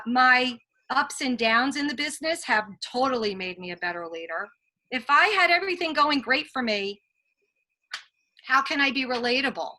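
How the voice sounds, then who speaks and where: A woman's voice: a little high, bright, forceful tone. A woman leading a team training call, telling earnest, motivational stories and taking questions from the chat. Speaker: sales team leader.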